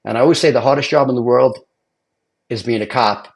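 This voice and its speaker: A middle-aged man tells his stories in a loose, animated way. His voice sits in an ordinary middle pitch. He keeps checking in with his listener through casual asides. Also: fairly quick, creaky. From Brooklyn, New York. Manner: animated storyteller with many "you know what I mean" asides. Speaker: guest, retired police and fire officer. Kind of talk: casual storytelling chat.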